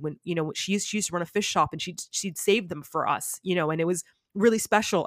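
A woman guest on a podcast, telling stories in a lively, casual way and filling her talk with "like.". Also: on the low side, no echo, clean studio sound. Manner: animated storyteller, says "like" a lot. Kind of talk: casual chat.

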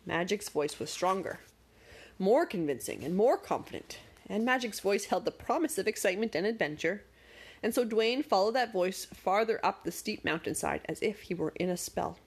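A woman narrating a storybook with expressive, dramatic pacing. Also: medium pitch, normal speed, breathy edge.

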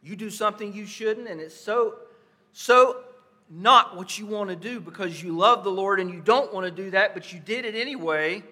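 Pastor, man, bright higher voice, sermon with rhetorical questions, long hall echo. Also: normal speed. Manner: dramatic shifts between soft hushed lines and loud emphatic ones; asks the congregation rhetorical questions.

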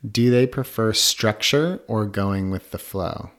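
A man in his thirties co-hosting a podcast, talking in a relaxed, reflective way and often agreeing. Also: fairly low pitch, takes it slowly. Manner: easygoing, reflective, affirming. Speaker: podcast co-host. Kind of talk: casual podcast chat.

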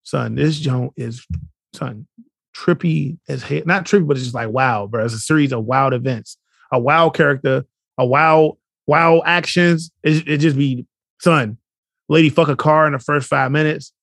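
A man with a gravelly, slightly higher voice rambles through a story in slangy casual podcast chat. The sound is dry and close, with no room around it. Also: normal speed, a bit bright, dry recording. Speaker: podcast co-host.

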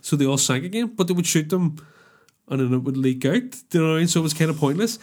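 A man's voice: on the high side, lively intonation, quick pace, a little mellow. A man co-hosting a podcast, chatting casually, rambling and swearing a lot, laughing often. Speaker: podcast co-host. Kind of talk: casual chat.

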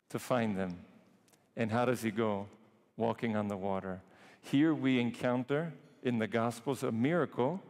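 A man preaching a sermon, emphatic, drawing some phrases out slowly and rushing others. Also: medium pitch, darkish tone, long reverb tail. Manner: emphatic, shifts between slow and quick phrasing. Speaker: priest preaching.

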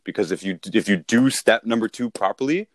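A man's voice: on the low side, fairly quick, dry recording, studio quality. A man talking casually as a sales coach, repeating and restarting himself as he explains.

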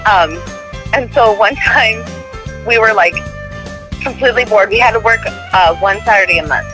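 A woman hosting a podcast in casual chat, an animated storyteller who laughs along. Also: medium pitch, moderate pace, faint music behind, rough recording. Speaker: podcast host.

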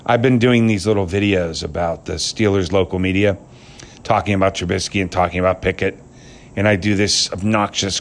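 A man with a lowish voice rants about football in a loose, rambling way. He is crude and mocking and keeps laughing at his own jokes. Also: fairly bright tone. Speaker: sports commentator. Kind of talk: casual opinionated sports rant.

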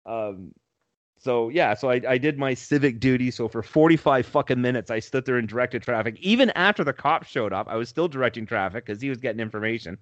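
A man's voice: medium pitch, quick pace, dry recording, highs cut off. A man casually telling a profane story on a podcast, often laughing as he talks.

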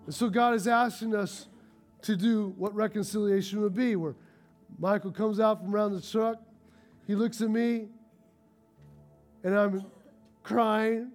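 A male pastor preaching a sermon, telling stories with animated, rising excitement. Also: high voice, normal speed, soft background music.

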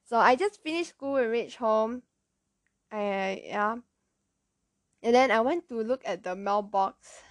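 A woman with a Malaysian English accent tells a story in a loose, chatty way, correcting herself and dropping slang along the way. Her voice sits a bit high. The recording is dry and close. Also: slow, long pauses, dry recording. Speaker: vlogger. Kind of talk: casual storytelling.

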